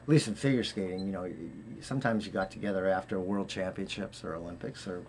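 A man's voice: deep voice, fairly even intonation, fast, a little mellow, slight background noise. A man with a Boston accent, a guest on an interview, telling long rambling anecdotes with many fillers and restarts. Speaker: guest, former Olympic figure skater. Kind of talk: casual interview storytelling.

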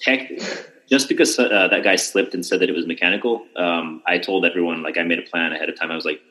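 A man's voice: sits low, quick pace, pushed and bright, rough recording. A young man hosting a podcast, telling a long story in casual chat with lots of restarts and fillers. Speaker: podcast host.

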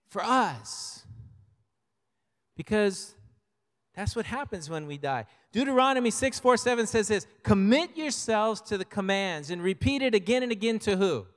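An older man with a notably high voice delivers a conversational sermon, weaving in personal stories. His words ring out with a long, trailing reverb, as if in a large hall. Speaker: pastor.

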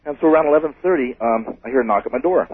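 A man calling in to a radio show, telling a ghost story in an excitable, rambling way. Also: medium pitch, racing, slight background noise. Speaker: caller. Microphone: telephone. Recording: tinny phone line.

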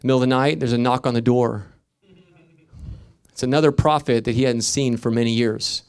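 A man's voice: mid-range voice, fairly even intonation, moderate pace, a little mellow, smooth. A middle-aged man preaching a fervent sermon as pastor, telling stories between declarations.

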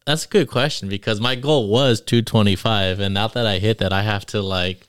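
A man's voice: fairly low pitch, fairly quick, a bit bright, smooth, no echo, clean studio sound. A man co-hosting a podcast, talking easygoingly with lots of hesitation. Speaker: podcast co-host. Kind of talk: casual podcast chat.

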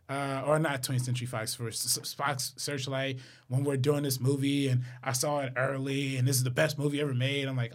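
A young man and student co-hosting a podcast, chatting in a relaxed, slangy way and laughing along. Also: mid-range voice, fairly quick. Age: young adult. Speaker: podcast co-host. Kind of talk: casual chat.

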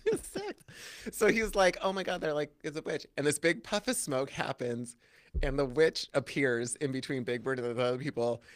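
A man chatting casually on a podcast, telling a story in an animated way, acting out quotes in high voices and laughing often. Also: normal speed, no echo, studio quality. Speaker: podcast co-host. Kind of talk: casual chat.

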